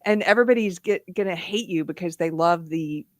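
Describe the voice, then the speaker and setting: A woman co-hosting a casual live stream, chatty and quick to laugh. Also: on the low side, no room sound, clean studio sound. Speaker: co-host.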